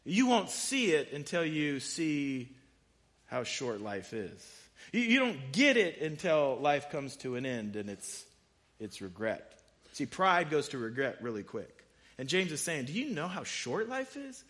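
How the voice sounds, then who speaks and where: A man's voice: fairly high pitch, sing-song, measured pace, fairly bright tone. A man preaching a sermon, talking casually and reading scripture aloud with rising emphasis. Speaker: pastor.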